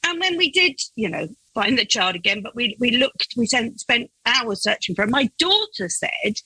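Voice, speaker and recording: A woman's voice: fairly high pitch, moderate pace, slightly rough, dry recording, low-quality recording. A middle-aged woman, a foster carer, telling a story in a casual interview with lots of laughter and acted-out voices. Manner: animated, laughing, acts out her own and others' voices.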